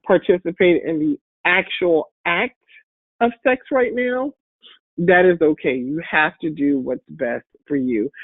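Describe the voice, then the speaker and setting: A woman with a deep voice, congested and a bit hoarse from a cold, giving an upbeat, encouraging webinar talk as a guest speaker. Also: no echo. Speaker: guest speaker and patient advocate. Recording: phone-like online call audio.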